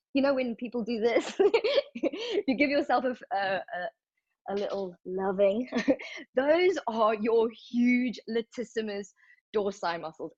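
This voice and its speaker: A woman's voice: on the high side, lo-fi sound. A woman teaching yoga anatomy in a live online workshop, upbeat and encouraging, asking questions of her class in the chat.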